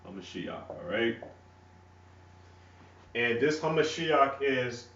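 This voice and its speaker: A man's voice: mid-range voice, expressive, a bit bright, far from the mic. A man with a country North Carolina twang teaches a religious lesson. He speaks in stop-start phrases and checks in with his listeners. His voice comes from off-mic in an echoey room, and the sound is dull and lo-fi. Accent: rural North Carolina. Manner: halting and repetitive, checks in with "all right?". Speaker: ministry teacher. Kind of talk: teaching a religious lesson while writing on a board.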